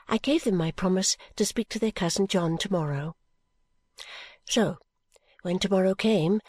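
A woman reading a classic novel aloud as first-person narrator, in a gentle, measured storytelling manner. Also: mid-range voice, dry recording. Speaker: audiobook reader.

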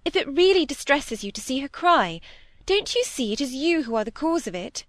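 A woman's voice: sits high, very animated, moderate pace, a bit bright, no echo, clean studio sound, pitched above the performer's own voice. A woman voicing a fearless young woman who speaks urgently and vehemently.

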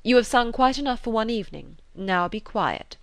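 A woman reading the lines of a blunt, protective gentleman in a storybook reading, speaking curtly. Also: fairly high pitch, lively intonation, moderate pace, dry recording, pitched above the performer's own voice. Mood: indignant. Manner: curt, decisive speech.

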